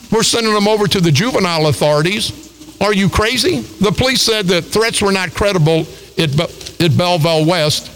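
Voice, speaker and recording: A man's voice: high voice, fairly bright tone, slight background noise, rough recording. An older man hosting talk radio, delivering an angry, combative, repetitive rant.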